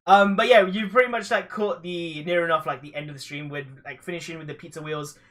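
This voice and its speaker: A man's voice: on the high side, fairly even intonation, fairly quick, a bit bright. A young man hosting a cooking live stream, chatting casually with lots of fillers and laughs. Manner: laughs often, rambling with fillers.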